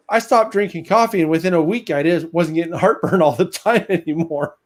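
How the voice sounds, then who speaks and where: A man's voice: on the high side, normal speed. A man chatting casually as a guest on a live stream, laughing often as he tells stories. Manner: chatty, laughs while talking. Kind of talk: casual chat.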